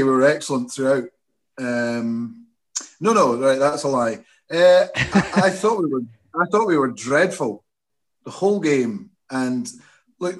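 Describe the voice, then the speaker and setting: Sardonic football fan. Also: male voice, mid-range voice. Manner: sardonic, blunt. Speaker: regular fan guest. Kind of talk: casual podcast chat.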